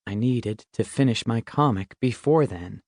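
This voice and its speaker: A man's voice: mid-range voice, a little slow, darkish tone, no echo, studio quality. A man reading a first-person middle-grade audiobook in a wry, conversational way. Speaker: audiobook narrator.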